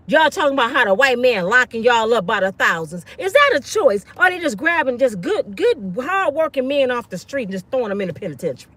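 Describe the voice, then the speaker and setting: A woman with a high, swooping voice tells stories in an animated rant, switching between sermon-style preaching and sassy asides. Her delivery is emphatic and full of energy. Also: fast, few pauses, dry recording. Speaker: host.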